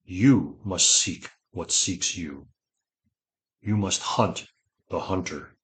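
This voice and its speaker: A grave old mage gives counsel in a low, unhurried voice that is gentle but solemn. A man voices him in an audiobook reading. Each phrase is measured and weighty.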